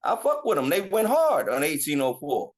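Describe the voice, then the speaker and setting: A man's voice: a little high, huge pitch swings, moderate pace. A man from North Carolina, a podcast co-host, talking bluntly and swearing freely in a casual group discussion.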